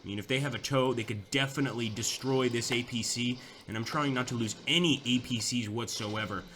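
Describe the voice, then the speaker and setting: Young guy rambling thru a war game he's playing, bright voice, bit of game noise under it. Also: medium pitch, a little fast. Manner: chatty, thinking aloud with fillers and restarts. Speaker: gameplay commentator. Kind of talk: casual gameplay commentary.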